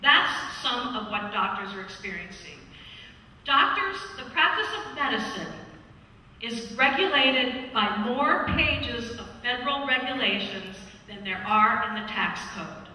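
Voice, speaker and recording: A woman addresses a town meeting, rallying the crowd with emphatic, high, very bright delivery. Her voice comes from far off the mic, with long, heavy echo filling a large hall. Faint room noise sits underneath. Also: expressive, measured pace. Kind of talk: public speech at a town meeting.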